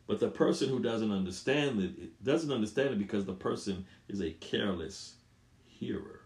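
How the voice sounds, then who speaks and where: Low-voiced preacher man in an echoey room. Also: moderate pace. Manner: emphatic, repeats phrases, rises loud on scripture. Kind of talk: sermon.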